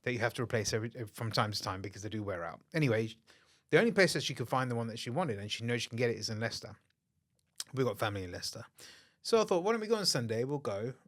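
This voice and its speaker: A man co-hosting a podcast, telling a story in a relaxed, blunt way. He swears freely and keeps the tone chatty. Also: mid-range voice, rapid-fire. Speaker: podcast co-host. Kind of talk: casual chat.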